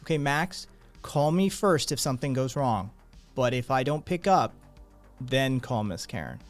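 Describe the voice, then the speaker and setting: A man voicing a calm, steady male crew leader who gives quiet, reassuring instructions. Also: mid-range voice, a little slow, soft background music, lightly acted.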